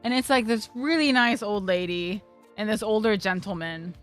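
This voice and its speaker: A woman's voice: mid-range voice, moderate pace, soft background music. A young woman streamer telling a casual story, rambling with lots of fillers and swearing freely.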